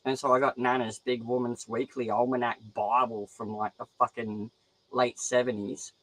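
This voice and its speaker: A man's voice: mid-range voice, moderate pace, poor audio. A young Australian man chatting casually about crafts, rambling and swearing freely. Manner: profane, rambling, animated. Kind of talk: casual chat.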